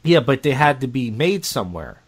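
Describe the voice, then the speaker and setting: A young man co-hosting a podcast in casual chat, rambling and halting with many restarts and fillers. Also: medium pitch, sing-song, breathy edge. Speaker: podcast co-host.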